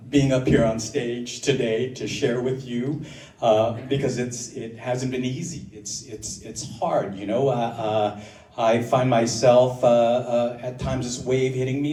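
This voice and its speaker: A middle-aged man telling a personal story at an open mic, halting and full of fillers, mixing grief with self-mocking humor. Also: mid-range voice, steady tone, dark tone. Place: underground performance venue on a live stage. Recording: roomy, distant live room with crowd. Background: audience laughing.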